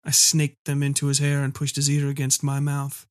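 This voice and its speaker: Man reading a dark story, flat and dry. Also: mid-range voice, normal speed, dry recording. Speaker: audiobook reader. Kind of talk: first-person story narration.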